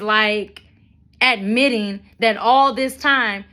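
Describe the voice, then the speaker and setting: A young adult woman vlogging a blunt, profane rant to her viewers, with mocking asides and animated storytelling. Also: a little high, takes it slowly. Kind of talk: ranting monologue to camera.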